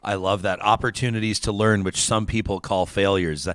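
A man's voice: lowish voice, steady tone, moderate pace, fairly bright tone, no echo, studio quality. A man hosting a radio talk show, enthusiastic and casual, often repeating words as he starts a thought.

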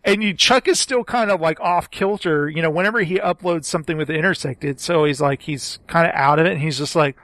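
A man's voice: on the high side, brisk, few pauses, fairly bright tone, no room sound. A man co-hosting a podcast, chatting casually and with enthusiasm about a show. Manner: enthusiastic, gushing, quotes scenes in acted voices. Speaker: podcast co-host.

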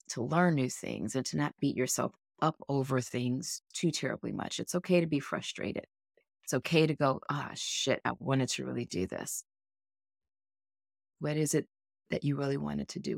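A woman's voice: extremely low pitch, gravelly, a little mellow, dry recording, clean studio sound. A woman co-hosting a podcast in an earnest, encouraging coaching tone. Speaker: podcast co-host. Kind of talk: motivational casual chat.

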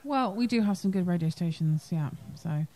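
A woman's voice: fairly low pitch, animated, normal speed, a crowd in the background. A woman from Bristol with a Bristolian accent, a guest on a radio show, chatting easily in casual talk. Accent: Bristolian English. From Bristol, England.

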